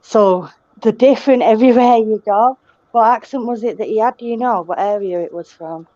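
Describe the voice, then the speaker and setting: A woman's voice: a little high, fairly quick, dark tone, no echo. A woman with a Manchester accent, chatting casually on a stream and patiently explaining with fillers. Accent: Manchester English. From England. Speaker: stream guest. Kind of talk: casual chat. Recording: dry, dull lo-fi call audio.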